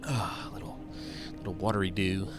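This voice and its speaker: A man's voice: deep voice, steady tone, normal speed, music in the background. A man giving casual, rambling gameplay commentary, thinking aloud and poking fun at himself. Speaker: gaming video host.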